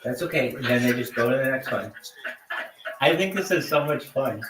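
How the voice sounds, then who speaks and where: A man hosting a casual livestream, talking loosely about dating apps and greeting strangers with loud, repetitive enthusiasm. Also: medium pitch, animated, moderate pace, noisy background. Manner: hyped, greets strangers loudly, repeats himself. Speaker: livestream host. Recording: echoey room, mic at a distance.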